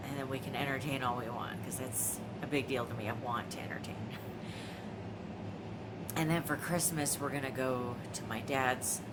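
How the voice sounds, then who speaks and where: A vlogger of about forty rambles casually at home in her apartment, full of fillers and restarts. Her rumbling low voice stays steady and fairly quick with few pauses, and the recording is very noisy.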